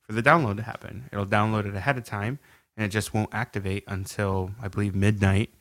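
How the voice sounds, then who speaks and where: Easygoing low-voiced young man. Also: steady tone, fairly quick, fairly bright tone, no echo. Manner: easygoing, rambling, hedging. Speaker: podcast co-host. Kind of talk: casual chat.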